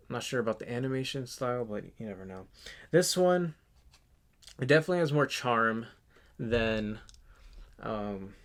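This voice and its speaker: A man in his twenties chatting casually in a vlog, rambling and halting with lots of fillers and restarts. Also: medium pitch, creaky, a bit bright. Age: 20s. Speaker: channel host. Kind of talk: casual movie collection vlog.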